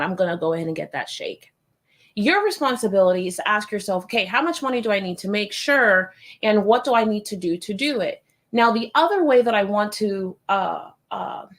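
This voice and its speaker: Woman business coach pumping people up, fairly high voice, lots of storytelling. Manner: animated storytelling, acts out other voices in high pitch. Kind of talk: motivational talk to camera.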